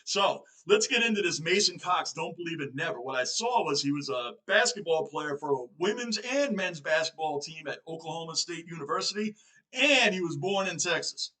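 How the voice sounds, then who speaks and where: A man with a New York accent, chatting casually as he hosts a reaction video, excitable and full of self-questioning asides. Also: fairly high pitch, moderate pace, low-quality recording. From Northeastern United States.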